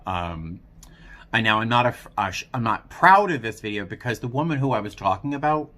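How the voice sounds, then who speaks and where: A man talking earnestly and self-critically in a personal vlog, speaking softly. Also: lowish voice, animated, brisk. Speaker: vlogger.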